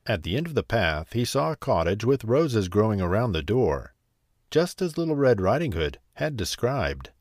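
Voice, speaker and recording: A man reading a bedtime story aloud in a slow, soothing, expressive way. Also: lowish voice, no echo, studio quality.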